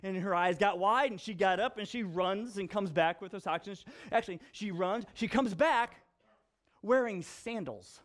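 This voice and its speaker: High-pitched pastor guy, chatty sermon, tells stories about his kids, repeats stuff for effect. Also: normal speed. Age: young father. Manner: animated storyteller, repeats himself for effect. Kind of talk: conversational sermon with personal stories.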